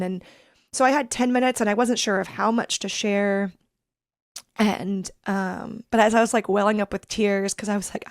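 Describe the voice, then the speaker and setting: A woman in her thirties, a podcast guest telling a personal story in an earnest, reflective, halting way. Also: medium pitch, steady tone, no room sound, clean studio sound. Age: 30s.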